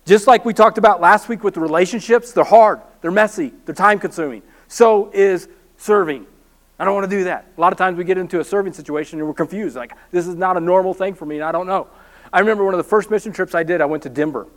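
High-voiced male pastor telling stories. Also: a little fast. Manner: storytelling, animated, self-deprecating humor. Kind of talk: sermon.

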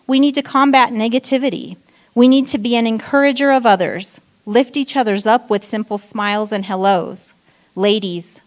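Female church speaker, short sermon, story-driven and animated in quoted lines. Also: mid-range voice. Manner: storytelling, acting out quoted outbursts. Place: church stage.

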